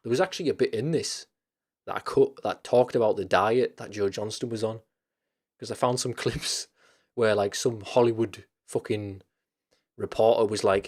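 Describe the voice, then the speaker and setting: Rambling low-voiced man chatting casually. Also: moderate pace, a little mellow. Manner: rambling and loose, with many fillers and restarts; swears casually. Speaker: video creator hosting a chat stream. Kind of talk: casual livestream chat.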